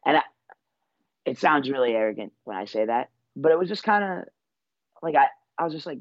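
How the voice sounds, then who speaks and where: A man's voice: mid-range voice, animated, a little fast, pauses often, dry recording, dull audio. A young man in his twenties, a wrestler being interviewed, telling his story in a laid-back, rambling way full of fillers. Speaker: wrestler guest.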